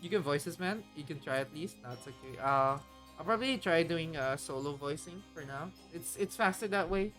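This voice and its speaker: A woman streaming live, chatting casually and bubbly, greeting her chat with excitement. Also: low voice, fairly quick, soft background music.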